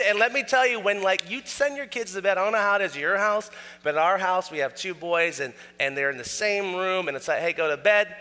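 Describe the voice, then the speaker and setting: A middle-aged male pastor with a high, very bright and forceful voice delivers a sermon from the pulpit. He tells self-mocking stories in an animated way and acts out quotes. Long reverb from the sanctuary trails his words. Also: brisk.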